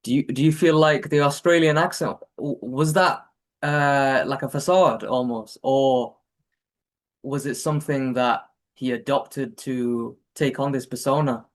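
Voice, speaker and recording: A man interviewing a guest in casual chat, asking questions haltingly with fillers. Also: mid-range voice, steady tone.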